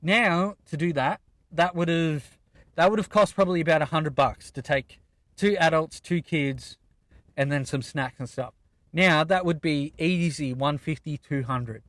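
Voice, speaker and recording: A man's voice: fairly high pitch, a little slow, a bit bright, dry recording. A young Australian man in his twenties, hosting a podcast and ranting in a casual, profane way from inside a car. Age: 20s. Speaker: podcast host. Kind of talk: casual solo rant.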